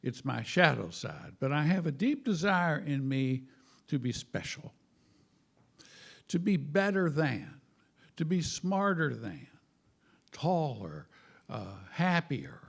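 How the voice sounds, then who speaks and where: Slow, gravelly man; wry spiritual speaker who pokes fun at himself. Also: on the high side, big pitch swings. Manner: wry, self-mocking, with chuckles; halting, repeats words. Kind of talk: humorous spiritual talk.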